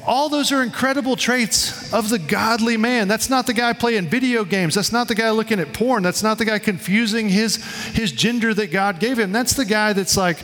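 A man preaching a sermon to his congregation in a relaxed, conversational way, telling stories and acting out quotes. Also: high voice, normal speed, in a large hall. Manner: conversational, storytelling with quoted voices. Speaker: pastor. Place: church sanctuary.

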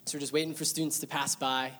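A man's voice: a little high, flat delivery, fast talker, a bit bright. A young man sharing an earnest, emotional personal testimony at a church service, with bits of light laughter.

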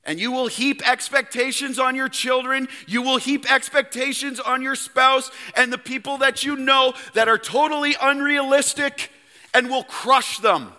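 A male pastor with a Canadian accent preaching a sermon in a church, emphatic and swinging from loud to hushed. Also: extremely high pitch, steady tone, normal speed, long reverb tail. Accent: Canadian English. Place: church sanctuary.

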